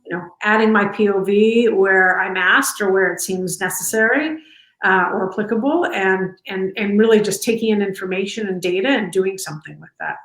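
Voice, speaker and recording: A woman's voice: medium pitch, normal speed. Chatty woman in an echoey room. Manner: chatty, warm, many fillers and restarts. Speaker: company culture executive, interview guest. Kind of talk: casual interview conversation. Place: home, on a video call.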